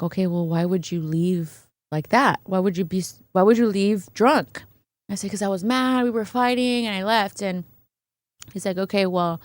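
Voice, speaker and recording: A woman with a voice on the low side recounts a personal story as a podcast guest; there's no room sound. Her retelling is casual and animated, with quoted voices acted out and frequent "right?" fillers, a conversational storytelling style.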